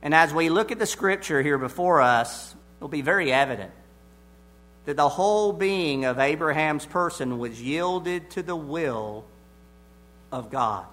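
A man preaching an expository sermon, deliberate and emphatic, repeating his key phrases. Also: a little high, expressive, a bit bright.

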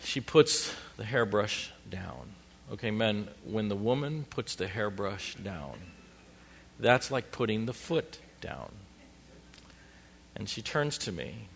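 A man's voice: medium pitch, moderate pace, creaky. A middle-aged male pastor telling a funny story in a sermon, self-deprecating and playful, speaking to his congregation. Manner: animated, self-deprecating, acts out family scenes. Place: church congregation.

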